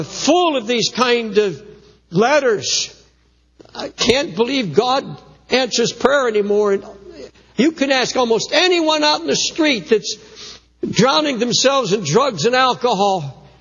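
A man's voice: very high voice, fairly bright tone. A man preaching a sermon as pastor, speaking earnestly with frequent restarts. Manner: earnest preaching with repeated restarts, quoting letters. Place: large church auditorium. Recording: dull, long-reverb church hall recording.

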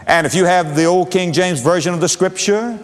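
A man preaching a sermon with a dramatic cadence, repeating phrases and swinging from booming to hushed. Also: a little fast. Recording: long hall reverb.

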